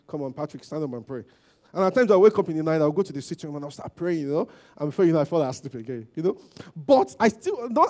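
A man preaches in a relaxed, informal sermon, talking to the congregation as if chatting with them. His voice sits somewhat high yet sounds mellow and warm. He keeps checking in with the listeners, swelling for emphasis and then dropping away quietly. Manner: informal, peppered with "you know" and "okay?" checks to the congregation; animated, rising loud at emphasis and trailing low. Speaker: lay preacher. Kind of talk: conversational sermon.

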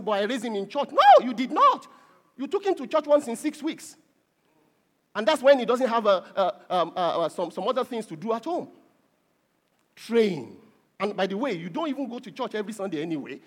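A middle-aged man preaches with a high, bright voice. His pitch swings widely, leaping up on key words and sinking low on asides. He presses his points home with emphatic repetition. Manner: preachy, rising to emphatic peaks with repeated words. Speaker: pastor. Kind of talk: sermon.

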